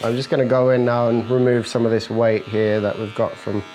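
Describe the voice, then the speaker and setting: A barber with a medium-pitched, darkish voice talks fairly quickly and with little pitch movement as he explains each stage of a fade haircut and jokes with the client in his chair indoors. Soft music plays in the background alongside the faint buzz of clippers, and the recording is rough.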